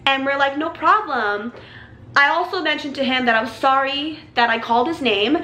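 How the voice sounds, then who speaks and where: A young woman vlogger telling a story in a casual, excitable way, full of "like" and swearing. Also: sits high, moderate pace, roomy sound. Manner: excitable, heavy use of "like", swears freely.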